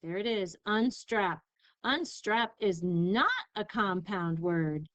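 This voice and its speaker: Slow, careful woman teacher. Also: mid-range voice, animated, a bit bright, no echo, poor audio. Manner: slow, careful enunciation of syllables. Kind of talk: recorded spelling lesson.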